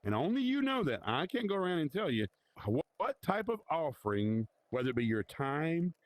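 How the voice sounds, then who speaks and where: A man's voice: on the high side, very animated, normal speed, dry recording. A man leading an informal Bible study in a virtual reality church, talking conversationally and challenging his listeners.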